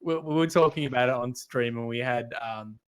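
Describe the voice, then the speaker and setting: A man's voice: medium pitch, a little fast, clear, resonant tone. A man with an Australian accent co-hosting a casual gaming podcast, rambling with lots of restarts and fillers. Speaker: podcast co-host.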